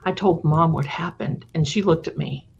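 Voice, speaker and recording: A woman host telling her own spooky stories to a live audience in a chatty way, dropping to a hushed voice at tense moments. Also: sits low, normal speed, creaky, slight background noise. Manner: addresses viewers fondly. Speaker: storytelling host. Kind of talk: casual live storytelling. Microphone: live-stream mic. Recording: dull lo-fi stream audio.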